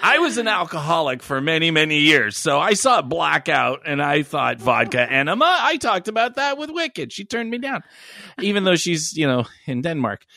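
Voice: mid-range voice, very animated, normal speed, creaky, bright, forceful tone, dry recording, studio quality. A podcast co-host who reacts with wry jokes and laughs often. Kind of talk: casual podcast chat.

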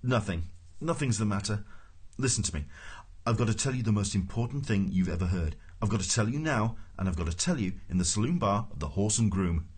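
A man's voice: on the low side, lively intonation, brisk, slightly rough. A man voicing an urgent, offhand alien traveler who talks in clipped, pressing sentences in an audiobook. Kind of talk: audiobook character voice.

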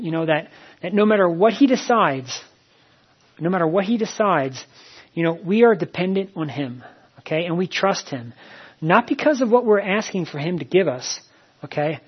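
A man's voice: high-pitched, husky. A man preaching a sermon in a plain, conversational way, telling a story with many fillers and repeated phrases. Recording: dull lo-fi recording.

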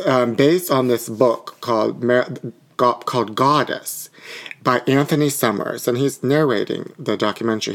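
A campy man with a mid-range voice, chatting as a podcast co-host. He spins stories in an animated way and tosses in quick asides. He grew up in a small town near Pittsburgh. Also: mid-range voice. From small town outside Pittsburgh and West Virginia panhandle. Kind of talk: casual chat.

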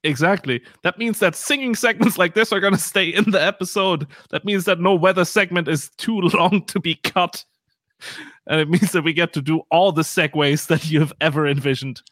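A man's voice: sits high, normal speed, a bit bright, no room sound. A man co-hosting a podcast in casual chat, laughing easily and bantering playfully. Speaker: podcast co-host. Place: Munich home.

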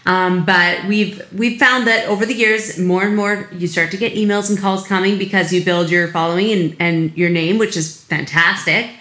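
Low-voiced young woman in an echoey room. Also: steady tone, normal speed, hardly any pauses, fairly bright tone. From Canada. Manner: friendly, laughs easily. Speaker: country musician guest. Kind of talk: casual interview answers.

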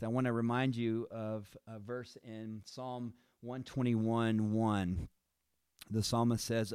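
A male preacher delivers his sermon slowly and deliberately, leaning on key phrases and repeating them for emphasis. His voice is smooth and clear. The sound is dry and close, with no room ring. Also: fairly low pitch, a little mellow, no echo.

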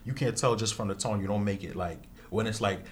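A man's voice: lowish voice, fast. A man hosting a casual podcast interview, talking in loose slang and laughing often. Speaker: podcast host.

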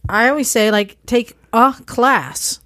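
A woman's voice: a little high, fairly bright tone, no room sound, studio quality. A woman hosting a podcast, giving riding advice in a plain, matter-of-fact way. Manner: gives advice plainly, quick interjections. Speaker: podcast host and ride leader. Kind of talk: casual chat.

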